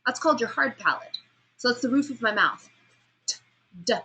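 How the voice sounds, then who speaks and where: A woman lecturing a class on vocal delivery, asking students questions and demonstrating sounds, pace and pauses herself. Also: on the high side, animated, sharp tone, husky, rough recording. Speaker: speech instructor.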